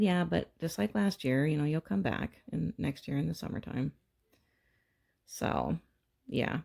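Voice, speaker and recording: Low, gravelly woman chatting casually. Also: dark tone. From Texas. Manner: chatty storyteller, acts out family dialogue with raised voice. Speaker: crafting channel host. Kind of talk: casual chat while crafting. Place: home.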